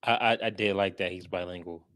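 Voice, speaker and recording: A man's voice: low voice, fairly even intonation, brisk, fairly bright tone. A man co-hosting a casual movie chat, teasing and laid-back. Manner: teasing, laid-back, laughs at his co-host. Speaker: movie review co-host.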